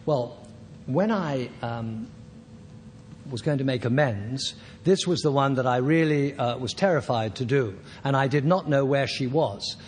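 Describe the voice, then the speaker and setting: An older man at a recovery meeting, telling his personal story in a halting, self-deprecating way with soft laughs. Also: medium pitch, big-room sound, a little hiss or hum.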